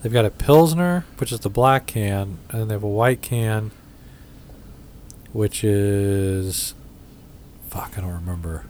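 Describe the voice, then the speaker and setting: A man's voice: on the low side, slow pace, darkish tone, slight background noise. A man with a Midwestern American accent chats casually about beer, blunt and profane, always ready with a joke. Faint room ambience sits behind his voice. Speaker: podcast host reviewing beers. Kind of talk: casual chat.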